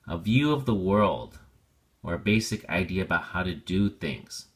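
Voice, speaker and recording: A man's voice: deep voice, very animated. A man teaching a vocabulary lesson, patiently spelling out pronunciation and meaning with everyday examples. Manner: patient, explains slowly with examples.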